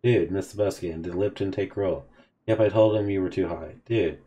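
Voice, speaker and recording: Low mellow guy reading game texts out loud, offhand and casual. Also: moderate pace. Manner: casual, offhand reading of both sides of a chat. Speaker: gaming video host. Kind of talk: reading in-game text messages aloud.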